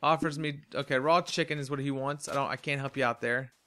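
A man's voice: medium pitch, fairly even intonation, fast talker, sharp tone. A tired man hosting a game let's play, rambling chattily to himself in casual commentary as he plays. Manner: rambling, chatty, talks to himself while playing. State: tired and yawning.

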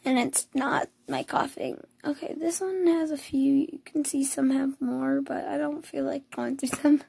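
Young female vlogger, hoarse and gravelly, slow-talking, chatty and cooing. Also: high voice, dark tone, dry recording. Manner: chatty, cooing over cute pictures. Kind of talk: casual screen tour.

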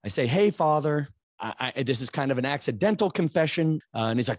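A man's voice: medium pitch, animated, a little fast, dry recording, studio quality. A man, hosting a podcast and telling a rambling comic story, self-mocking and building to exasperated outbursts. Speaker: podcast host.

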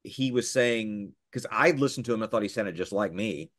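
A middle-aged man, a voice actor, chatting casually in an interview and telling lively stories. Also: on the low side, moderate pace. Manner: animated storyteller, slips into character voices. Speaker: voice actor guest.

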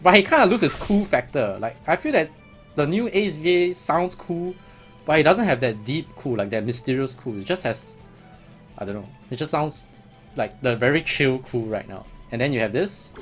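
A man's voice: fairly high pitch, lively intonation, normal speed, soft background music. A man giving casual, chatty commentary as a gaming vlogger, laughing often.

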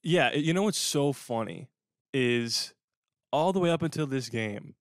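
This is a young man hosting a sports podcast in a loose, jokey way. His voice is smooth and resonant. The recording is dry and close, with no room sound. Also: medium pitch, lively intonation, unhurried, no echo. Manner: jokey, breaks into a mock radio voice. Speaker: podcast host. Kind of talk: casual sports podcast chat.

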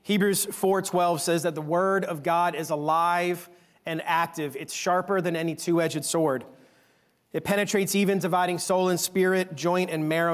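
A middle-aged man preaching a sermon in church, earnest, repeating phrases and slowing down on the key words as he reads scripture. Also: a little high. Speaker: guest preacher. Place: church sanctuary.

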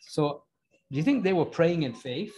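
Conversational male preacher, fairly high voice. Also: lively intonation, moderate pace, darkish tone. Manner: conversational, asks the congregation questions. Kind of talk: expository sermon.

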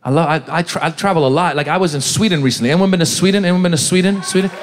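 A man's voice: a little high, rapid-fire, noisy background. A middle-aged man doing a stand-up comedy set on a club stage, quizzing the crowd and acting out characters. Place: comedy club stage before a live audience.

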